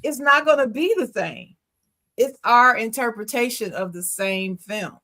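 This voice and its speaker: A woman's voice: a little high, lively intonation, unhurried, bright, forceful tone. Chatty opinionated woman podcast co-host. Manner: opinionated, chatty, laughs easily. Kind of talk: casual chat.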